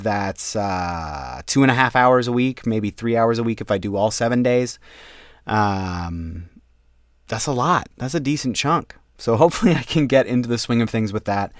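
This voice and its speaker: A man's voice: mid-range voice, a bit bright, dry recording, studio quality. A man who narrates stories, chatting casually to his viewers in a rambling way, with lots of ums and casual swearing. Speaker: audiobook narrator. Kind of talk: casual outro chat to viewers.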